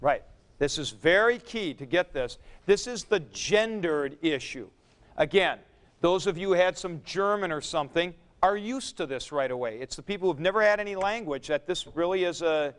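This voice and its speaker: A man's voice: a little high, clear, resonant tone. A man teaching a Greek grammar class. He stops to correct himself and repeats the key points. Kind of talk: lecture.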